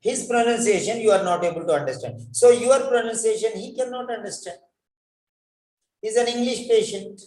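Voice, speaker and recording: Guy teaching pronunciation, kinda high voice, says each word again and again, echoey room. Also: a little mellow. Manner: slow, repeats words to model pronunciation. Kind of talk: classroom lesson on pronunciation.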